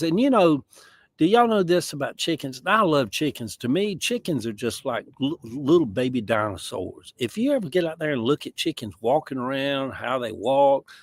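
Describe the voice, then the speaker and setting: A man's voice: mid-range voice, no room sound. A man with a Southern US accent chatting casually on a livestream from outdoors, rambling in a folksy way with chuckling asides. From American South. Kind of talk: casual chat. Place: outdoors in a yard.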